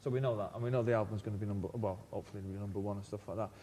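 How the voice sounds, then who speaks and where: A man's voice: fairly low pitch, fairly even intonation, rapid-fire, warm tone. A man, a guest in an interview, telling wry, rambling anecdotes with stumbling restarts. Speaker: band member guest.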